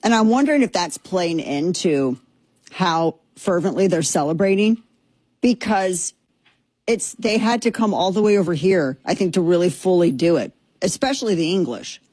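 A woman's voice: fairly low pitch, expressive, normal speed, a little mellow, slightly rough, no room sound. A woman hosting a commentary show, talking in a chatty, sarcastic, rambling way. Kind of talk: opinionated political commentary.

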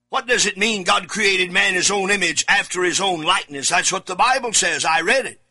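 A man preaching alone in a studio, reading scripture verses aloud, repeating key words and swinging from shouted emphasis to low asides.

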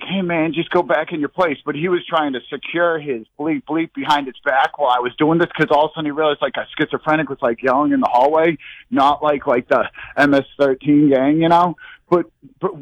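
A man's voice: fairly high pitch, fairly even intonation, quick pace, no room sound, dull audio. A young man calling in to a radio show, out of breath, rambling in a scattered way. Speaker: regular caller. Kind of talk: rambling phone-in call.

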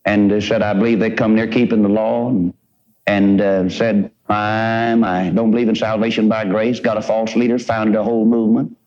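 Folksy preacher, dull old tape. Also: male voice, lowish voice, darkish tone. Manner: folksy, emphatic preaching with repeated phrases. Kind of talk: sermon.

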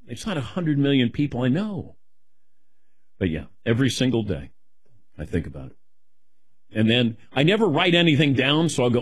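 A middle-aged man answers questions in a loose, self-deprecating ramble. His voice is slightly husky and swings widely in pitch. The sound is dry and close. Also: very animated, moderate pace, long pauses, no room sound. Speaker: guest taking questions. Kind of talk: casual rambling chat.

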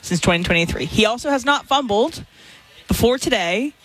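Bright-voiced man on sports radio. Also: sits high, expressive. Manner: fast, analytical, talks through stats.

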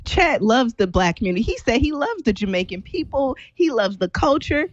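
A woman co-hosting a casual chat show, animated and laughing often as she recaps for viewers. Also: a little high, normal speed, dry recording. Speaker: co-host. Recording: slightly dull lo-fi sound.

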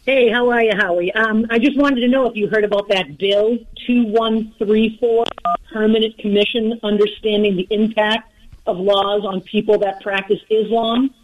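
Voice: mid-range voice, fairly even intonation, moderate pace. A caller with a mid-range voice who asks the host questions in a casual, offhand way. The sound is muffled, as if heard over a dull phone connection. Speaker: radio show caller. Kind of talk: call-in question.

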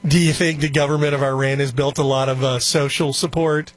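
A man's voice: mid-range voice, steady tone, fairly quick, hardly any pauses, no room sound. Chatty opinionated male radio host. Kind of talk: casual talk radio commentary. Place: radio studio.

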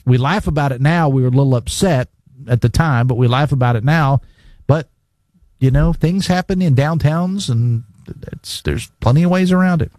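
A man's voice: medium pitch, normal speed, a little mellow, no room sound. Man, talk radio host, conversational, dry close studio mic. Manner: chatty, conversational, laughs easily. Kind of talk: casual talk radio, reading listener texts. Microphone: studio microphone.

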